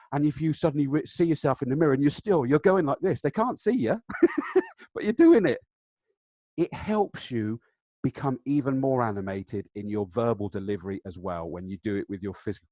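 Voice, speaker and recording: A man gives a live training webinar from his desk over a video call, at a middling pitch. He talks in an animated, demonstrative way, dropping in self-deprecating asides. The sound is dry, with no room echo. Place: seated at a desk, indoors. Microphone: video call setup.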